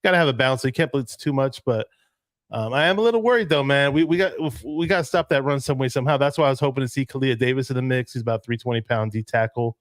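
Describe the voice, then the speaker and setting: A man's voice: mid-range voice, quick pace, no echo, clean studio sound. A man hosting a casual live sports chat, talking loosely, laughing often and reading out viewer comments. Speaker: host.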